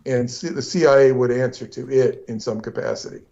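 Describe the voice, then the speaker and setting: A man co-hosts a casual livestream talk and rambles with restarts and asides. His voice sits at an ordinary middle pitch. The audio is dull and lo-fi. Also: steady tone, brisk, mellow. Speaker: co-host.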